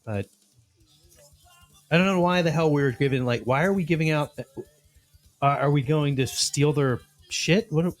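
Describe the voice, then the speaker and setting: A man's voice: on the high side, moderate pace, long pauses, faint music behind. A man co-hosting a casual podcast chat, telling stories and acting out what people said. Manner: animated storyteller, acts out quotes. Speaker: podcast co-host.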